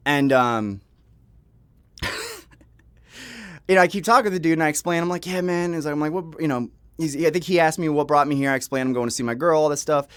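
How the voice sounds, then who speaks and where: A man's voice: fairly high pitch, a little fast, long pauses, a bit bright, clean tone, dry recording. Rambling young man telling a story. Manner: rambling, laughs and restarts often, swears casually. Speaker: vlogger. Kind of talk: casual storytelling. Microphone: home microphone.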